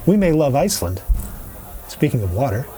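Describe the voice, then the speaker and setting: A man's voice: mid-range voice, very animated, dark tone, faint music behind. A man from Colorado co-hosting a show, teasing his partner and joking in casual comedic banter. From Colorado, USA. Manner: teasing, laughs often, quick jokes. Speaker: podcast co-host.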